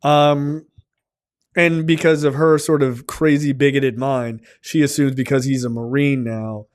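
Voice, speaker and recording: A man's voice: medium pitch, steady tone, moderate pace. A man co-hosting a film podcast, retelling movie scenes in a loose, profane casual chat full of fillers. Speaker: podcast co-host reviewing a film.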